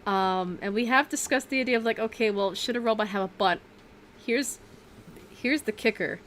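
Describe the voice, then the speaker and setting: A woman's voice: on the high side, normal speed, a bit bright, a little hiss or hum. A woman streaming in a casual, rambling way, full of fillers and self-corrections, laughing often. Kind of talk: casual livestream chat.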